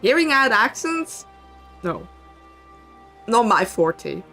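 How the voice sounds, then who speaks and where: Faint music plays as a young Swiss woman, her English lightly accented, chats and teases viewers playfully on a casual game stream. She speaks slowly but very animatedly, in a fairly high voice with a sharp tone.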